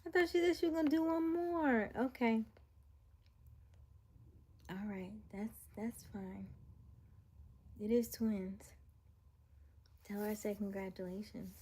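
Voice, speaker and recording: Young woman, livestream host, breathy husky tone, unhurried, playful and slangy, whispers then jokes. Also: a little high. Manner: slips between soft whispering and loud animated joking. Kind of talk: casual livestream chat reading comments.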